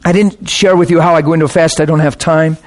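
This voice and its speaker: Passionate man preaching, higher voice. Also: steady tone, fast talker. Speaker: pastor. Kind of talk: sermon.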